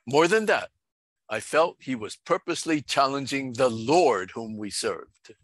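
A middle-aged man, a pastor, recounting a story in an earnest, measured sermon style. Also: medium pitch, expressive, fairly bright tone, dry recording.

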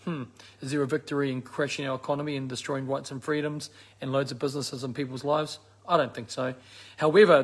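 A New Zealand man with a gravelly, husky voice delivers an impassioned message to his supporters. He stresses points by repeating words and fills gaps with "you know" and "um." His pitch sits in an ordinary middle range for a man. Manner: emphatic, repeats words for stress, many fillers. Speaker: activist addressing supporters.

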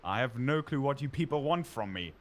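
A man's voice: mid-range voice, lively intonation, fairly quick, slight background noise. A man with a German accent chatting during a game with dry, wry humor. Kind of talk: casual gaming chat.

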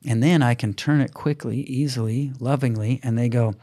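Gravelly, husky man telling a story. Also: mid-range voice, moderate pace. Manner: animated storytelling with restarts and quoted dialogue. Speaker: podcast co-host. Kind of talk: casual parenting chat.

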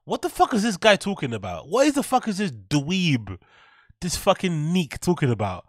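A man's voice: high voice, very animated, normal speed, no echo, studio quality. A man reacting to a clip, bluntly mocking what he hears and swearing often. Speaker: reaction streamer. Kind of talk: reacting to a clip, casual commentary.

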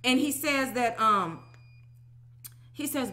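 A woman in her thirties giving an animated, emphatic personal testimony, often asking "okay?". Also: a little high, normal speed. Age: 30s. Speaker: religious teacher.

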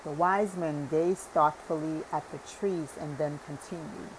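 A woman narrating a parable audiobook in a calm, deliberate reading. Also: low-pitched, noisy background. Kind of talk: scripted narration.

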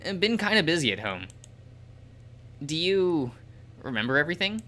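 A man voicing a gruff, annoyed young man in a game, with a curt, sarcastic way of talking. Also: on the high side, very animated, normal speed, bright, forceful tone, voice pushed up.

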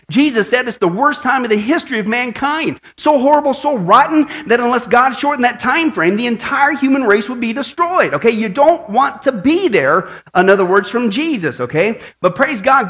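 A man preaching a sermon, opening with a long joke and then turning to teaching, tagging many lines with "right?" to draw in the congregation. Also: high voice. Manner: animated storyteller, tags lines with "right?". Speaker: pastor.

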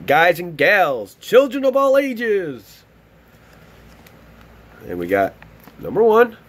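A man opening fan mail on camera in an excited, gushing, exclamatory vlog chat. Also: high voice, slow, slight background noise. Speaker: YouTube vlogger opening mail. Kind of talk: excited casual unboxing chat.

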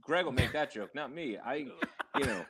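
A man's voice: mid-range voice, expressive, moderate pace, a bit bright. A man guesting on a podcast over a video call, talking in a scattered, rambling way with lots of laughing and swearing. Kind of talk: casual banter on a video call. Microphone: remote video call.

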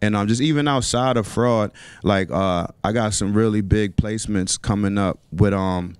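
Radio guest: New man, relaxed street slang, smooth low voice, dry studio mic. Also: normal speed, no room sound. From New York. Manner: laid-back slangy talk with many fillers. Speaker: rapper and songwriter guest. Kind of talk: casual radio interview.

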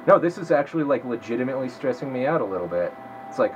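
The young gameplay commentator talks quickly in a sing-song, medium-pitched voice over dull audio and background noise. Swearing heavily, he mutters to himself throughout his casual let's-play.

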